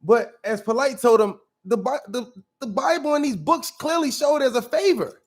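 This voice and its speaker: A man's voice: extremely high pitch, expressive, normal speed. A man hosting a casual commentary show, arguing bluntly and with profanity as he reacts to clips, often restarting his sentences. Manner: blunt, profane, argumentative, restarts mid-thought.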